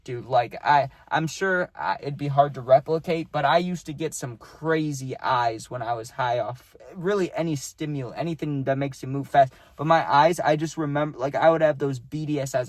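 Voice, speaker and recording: A young man spins a long personal story in a casual, profane ramble, stacking up "like" and "dude" as he goes. His voice sits at an ordinary middle pitch. The sound is close and dry, with no room echo. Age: young adult. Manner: loose, profane, rambling with many fillers. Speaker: podcast host telling a personal story.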